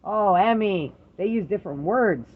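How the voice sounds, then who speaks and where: A middle-aged parent in a casual chat with their adult daughter, telling lively stories, swearing freely and acting out the voices of the people in them. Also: medium pitch, moderate pace, phone-quality sound. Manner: animated storyteller, swears freely, acts out quoted voices.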